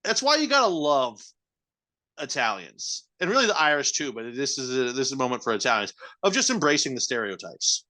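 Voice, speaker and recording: A man with a bright, forward voice co-hosts a podcast. He trades wry, profane jokes in relaxed chat with his friends. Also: mid-range voice, brisk. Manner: joking, wry banter with profanity. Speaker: podcast co-host. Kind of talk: casual chat.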